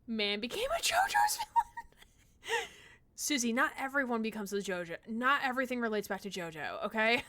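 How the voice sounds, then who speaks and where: A woman chats her way through a live-streamed puzzle game, excitable and gushing, with casual swearing. Her voice sits a little higher than most women's. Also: brisk. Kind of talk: live-streamed gameplay chat.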